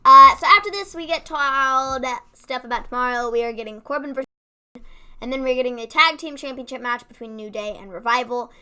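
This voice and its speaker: A woman's voice: high-pitched, a little fast, pushed and bright, clean tone. A woman co-hosting a casual live-stream recap, giving blunt and dismissive opinions. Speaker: co-host.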